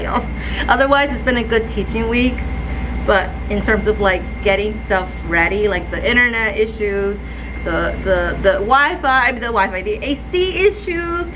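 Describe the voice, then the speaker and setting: A woman, a fourth-grade teacher, vlogging from her classroom with a phone, animated and laughing often, audibly stressed and frustrated. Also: on the high side, noisy background. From Texas. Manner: animated, laughs often, keeps addressing viewers as y'all. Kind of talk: casual classroom vlog. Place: indoor school classroom.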